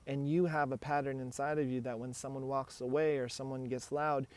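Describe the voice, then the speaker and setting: A man's voice: mid-range voice, level tone, brisk. A man with a mid-range voice talks straight to the listener as a relationship coach. His delivery is earnest and encouraging, and he often acts out short example conversations. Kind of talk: direct advice talk.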